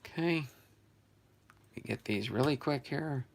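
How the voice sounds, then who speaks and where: An older man with a gravelly edge to a middle-pitched voice hosts a relaxed live stream about sports cards. He talks loosely, stops to correct himself and thinks out loud. He grew up in New Jersey. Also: takes it slowly. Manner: chatty, self-correcting, thinking aloud. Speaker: sports card channel host. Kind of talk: casual live stream chat.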